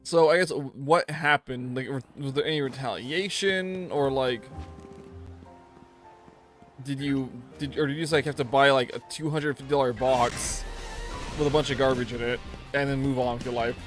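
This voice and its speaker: A man's voice: medium pitch, normal speed, fairly bright tone, faint music behind. A young man streaming a game, telling a story in casual, rambling chat full of slang and restarts.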